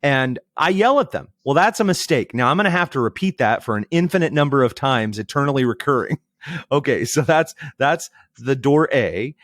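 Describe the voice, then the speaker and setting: A man's voice: mid-range voice, expressive, normal speed, fairly bright tone, no echo, studio quality. A man in his thirties, a podcast guest, explaining ideas in a thoughtful, storytelling way. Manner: thoughtful, storytelling, emphatic asides. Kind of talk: reflective conversational explanation.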